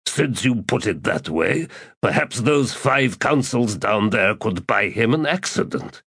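A man's voice: fairly low pitch, animated, measured pace, fairly bright tone, husky, no room sound, pitched above the performer's own voice, exaggerated voice. A man voicing a cornered master assassin who answers back with dry wit, strained and gasping. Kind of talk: audiobook narration.

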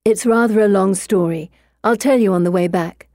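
A woman voicing a poised, commanding Victorian schoolgirl who talks briskly and chides. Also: lowish voice, mellow, no room sound, studio quality, lightly acted. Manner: brisk, assured, chiding.

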